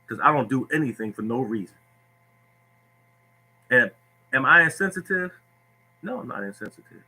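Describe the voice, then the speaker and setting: Blunt, husky-voiced man preaching tough love. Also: mid-range voice, sharp tone, rough recording. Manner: blunt, preachy, repeats himself. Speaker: lottery tips host. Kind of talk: livestream talk answering viewers.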